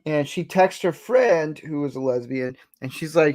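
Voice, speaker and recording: A man's voice: a little high, a little mellow. A young man hosting a casual Lego build chat, rambling and laughing easily at a desk microphone. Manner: rambling, chatty, quick to laugh. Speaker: host of a Lego build stream.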